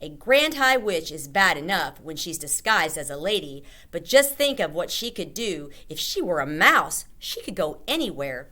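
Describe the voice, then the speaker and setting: A woman's voice: lowish voice, very animated, moderate pace, hardly any pauses, pushed and bright, exaggerated voice. A woman voicing a bold, spirited old grandmother in a children's book read-aloud, emphatic and exclamatory. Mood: determined.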